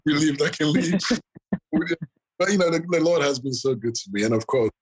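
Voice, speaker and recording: A man's voice: on the high side, animated, moderate pace, slight background noise, low-quality recording. A man, a surgeon, telling stories from his career in a casual, rambling way, full of fillers and small chuckles. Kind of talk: casual anecdotal storytelling.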